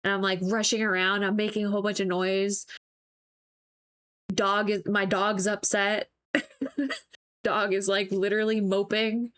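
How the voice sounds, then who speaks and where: A woman's voice: mid-range voice, fairly even intonation, measured pace, long pauses, fairly bright tone. Giggly rambling woman streamer. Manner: rambling and giggly, with many "like" fillers. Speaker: livestreamer painting on stream. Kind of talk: casual chat with viewers.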